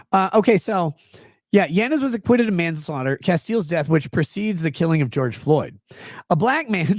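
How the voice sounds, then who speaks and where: A man's voice: high-pitched, no echo, clean studio sound. A man hosting a casual livestream, reading chat messages aloud and riffing on them sarcastically. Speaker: livestream legal commentary host.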